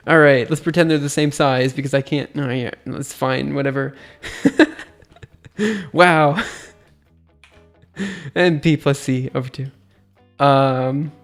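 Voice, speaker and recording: A man with a slightly gravelly voice talks through a physics idea on a livestream, thinking aloud and giggling at his own asides. Faint music plays quietly behind him. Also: a little high, steady tone, slow, long pauses. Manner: chatty, giggly, self-deprecating, thinks aloud. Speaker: streamer teaching physics. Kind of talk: casual livestream explanation.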